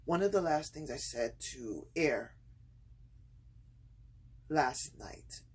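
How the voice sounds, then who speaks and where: Woman vlogger at home, slow and husky, hesitant with fillers, slightly scratchy throat. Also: a bass voice. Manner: hesitant, many pauses and fillers, turns excited and laughing when telling the story. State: slightly itchy throat from screaming. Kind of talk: casual personal vlog storytelling.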